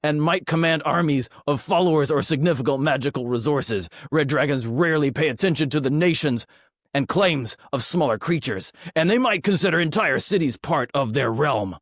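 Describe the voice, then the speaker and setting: A man's voice: on the high side, expressive, moderate pace, no room sound, clean studio sound. A man voicing a male orc, reading a monster entry aloud in a nearly everyday voice. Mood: gruff. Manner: plain reading with slips.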